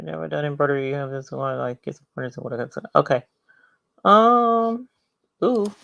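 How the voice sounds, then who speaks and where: A woman hosting a casual craft livestream, chatting and greeting viewers by name with drawn-out exclamations. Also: low-pitched, creaky, fairly bright tone, dry recording, muffled recording.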